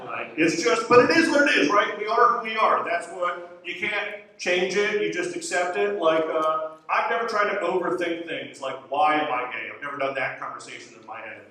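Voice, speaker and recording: A man's voice: high-pitched, moderate pace, pushed and bright. A man in his forties doing a stand-up comedy set on stage, chatty and self-mocking with rambling asides. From Florida. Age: 40s. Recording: roomy venue sound from a distance. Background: audience laughter.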